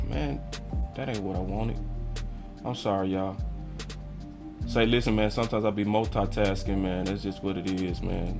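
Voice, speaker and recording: A man's voice: deep voice, creaky. A man hosting a live sports stream, reacting to articles and clips in a heated, slangy rant. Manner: reads articles aloud on stream. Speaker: sports channel host.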